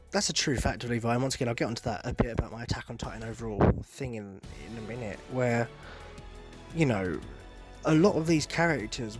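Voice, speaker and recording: Male podcast host, casual sarcastic rant, swears freely, faint music under. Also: mid-range voice. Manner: sarcastic, profane, exasperated.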